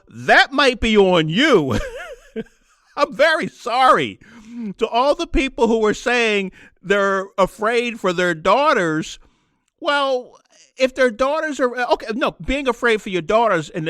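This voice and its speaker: Male podcast host, sarcastic monologue, bright and animated. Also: no room sound, studio quality. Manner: sarcastic, mocks others in shrill put-on voices. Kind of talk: opinionated monologue.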